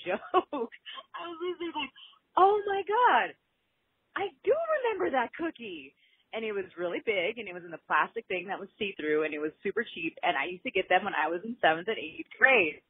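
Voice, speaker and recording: A woman's voice: medium pitch, husky. A woman in her thirties leaving a chatty, enthusiastic voicemail for a podcast, rambling happily as she talks. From Southern California. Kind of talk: casual voicemail message. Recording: tinny phone line.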